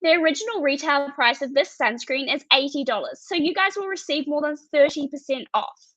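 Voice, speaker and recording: A teenage girl giving a rehearsed pitch for her student business over a video call, in a clear, recited delivery. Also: lively intonation, fairly quick, a bit bright, no room sound. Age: teens. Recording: dull, dry video-call audio.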